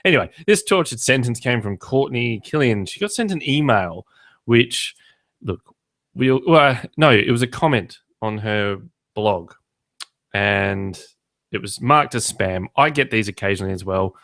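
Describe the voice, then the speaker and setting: A man's voice: mid-range voice, expressive, unhurried, a bit bright, no room sound. A man hosting a podcast in casual chat, telling wry anecdotes and acting out the other people's voices. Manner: dry, wry storyteller who acts out other voices. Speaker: podcast host.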